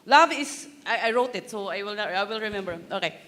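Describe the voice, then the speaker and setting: A woman speaking on a conference panel, halting, with fillers and restarts. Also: medium pitch, lively intonation, fairly bright tone. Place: large conference hall. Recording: reverberant conference hall.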